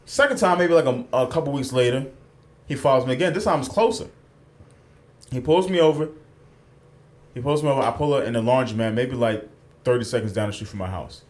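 A man's voice: mid-range voice, a little fast, pauses often. A man co-hosting a podcast, telling a story in casual chat, acting out the quotes and swearing freely, at a studio mic. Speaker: podcast co-host.

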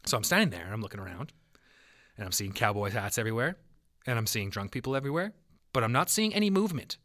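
A man co-hosting a podcast, telling a story in a casual, profane, animated way. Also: medium pitch, fast talker. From Canada. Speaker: podcast co-host.

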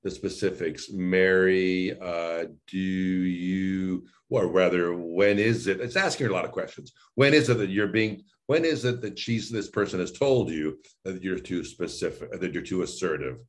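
Here a man talks at a moderate pace in a low voice, barely pausing. As a voice and speech coach in an interview, he lays out his sessions and lively acts out both coach and client.

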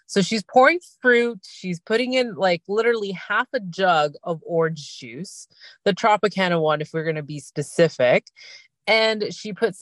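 A woman hosting a podcast, talking in a chatty, casual way from inside her car and breaking into quick impressions of the people she describes. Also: fairly low pitch, no echo. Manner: chatty, animated, mimics people in quick asides. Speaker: podcast host recapping reality TV. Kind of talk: casual recap chat.

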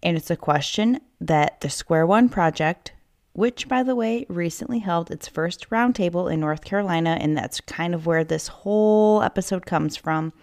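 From inside a child's play tent at home, a woman hosts a casual solo podcast, fired up, angry, swearing often and wandering into asides. Her voice sits fairly low, is a little mellow, and moves at a moderate pace.

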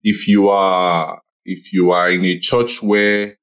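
A man's voice: sits low, flat delivery, slow pace, fairly bright tone, clean tone, poor audio. A man in a casual online audio room discussion, chatty and laughing, with many "you know"s. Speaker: Clubhouse room speaker.

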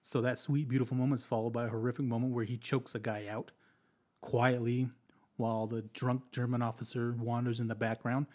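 A man's voice: medium pitch, a little fast. Chatty man reviewing a war movie. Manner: animated, chatty, acts out quotes, laughs often. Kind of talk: casual film review.

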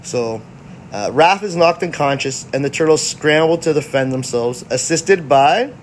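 A man's voice: a little high, lively intonation, normal speed, slight background noise. A man hosting a casual movie recap, rambling and correcting himself as he goes, with a fan's enthusiasm. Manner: rambling, self-correcting, fannish. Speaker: host.

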